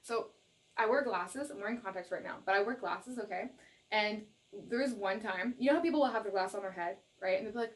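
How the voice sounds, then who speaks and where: A young adult woman from Canada giving a casual tarot reading straight to viewers, laughing often and repeating herself in her excitement. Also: medium pitch, a little fast. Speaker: tarot reader.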